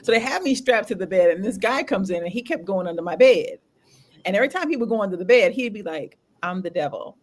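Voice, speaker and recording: A woman hosting a candid podcast conversation, telling her story in an animated, laughing way with casual slang. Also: mid-range voice, fast. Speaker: podcast host.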